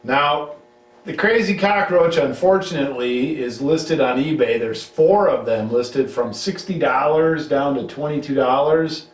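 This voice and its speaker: A man's voice: mid-range voice, a little slow. A middle-aged man hosting a casual home-recorded chat, rambling and teasing, often restarting his sentences. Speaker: show host. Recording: roomy sound, mic at a distance.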